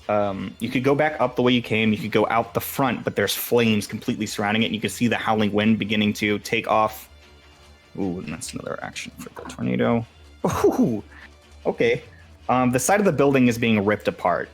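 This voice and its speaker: A young man narrating as game master in a casual, swearing, filler-laden way. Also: fairly low pitch.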